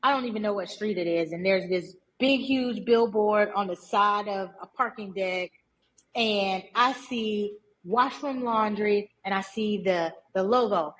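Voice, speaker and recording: A woman entrepreneur, a guest on an interview podcast, telling her story in a lively, emphatic way and repeating words for stress. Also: medium pitch, moderate pace, slight background noise, rough recording.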